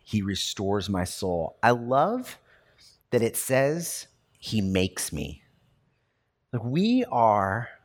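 A man in his thirties preaching a sermon in a loose, conversational way, with lots of fillers and lively storytelling. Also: medium pitch. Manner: conversational and animated, many fillers. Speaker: pastor.

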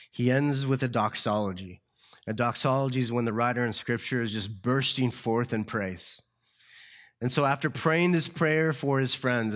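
A man preaching a sermon as pastor, earnest and slowing down to stress key words. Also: medium pitch, a bit bright. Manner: earnest, slows down for emphasis.

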